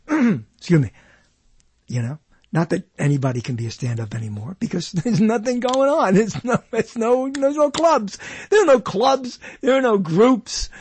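A man hosts his own show in a loose, wandering monologue, clearing his throat now and then. His voice sits high and husky, and his pitch swings widely. The sound is close and dry. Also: dry recording. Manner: digressive, chatty, clears throat often. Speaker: show host. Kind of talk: casual rambling monologue. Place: indoors, cold dry room.

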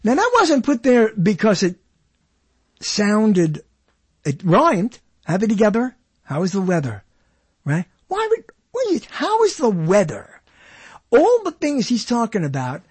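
Podcast host, male, husky voice, lively delivery, dry close sound. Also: high-pitched, dry recording. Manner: animated, explains while humming along. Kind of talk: casual talk about songs.

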